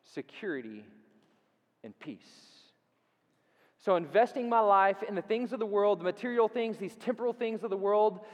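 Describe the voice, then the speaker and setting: A man with a high, bright speaking pitch delivers a sermon in a church, his voice trailing off in a long reverb. He swings between loud, rapid bursts and quiet, stretched-out words for emphasis. He repeats key phrases and checks in with his listeners. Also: lively intonation. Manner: dynamic preaching that swings from loud and quick to hushed, drawn-out emphasis; repeats phrases for emphasis and asks the audience questions. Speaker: pastor. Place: church sanctuary.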